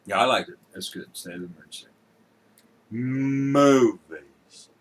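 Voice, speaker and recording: A man's voice: mid-range voice, a little slow. A man co-hosting a casual banter show, joking and teasing his partner with bursts of laughter. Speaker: podcast co-host. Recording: faint background noise and clicks.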